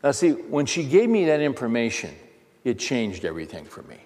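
A man hosting a talk, telling a personal story in a halting, restarting way that turns heated. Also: mid-range voice, sing-song, darkish tone. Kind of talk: anecdotal monologue. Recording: long hall reverb.

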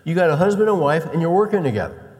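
A middle-aged man preaching a storytelling sermon as a pastor, swinging between loud bursts and hushed emphasis. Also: fairly high pitch, animated, fast. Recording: long reverb of a large hall.

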